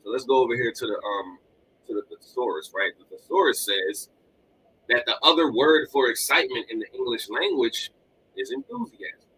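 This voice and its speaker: Fairly quick and husky, a mid-range male voice drives an animated motivational live stream, with the podcast host hammering points home through repetition. He's a father, set in a home room lined with collectibles, and the recording quality is low.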